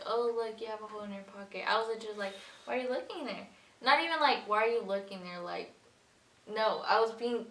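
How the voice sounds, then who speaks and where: A woman's voice: mid-range voice, a bit bright. A young woman co-hosting a couple's channel, telling their story in a casual, giggly, playful way. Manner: giggly, playful, interjects and corrects. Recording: echoey room, far from mic, faint hiss.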